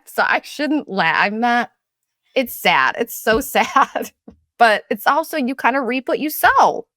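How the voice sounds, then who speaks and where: Animated, playful woman podcast host. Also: a little high, no room sound, clean studio sound. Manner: animated, playful, acts out others' lines in quick voices; swears casually, laughs often. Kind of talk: casual chat.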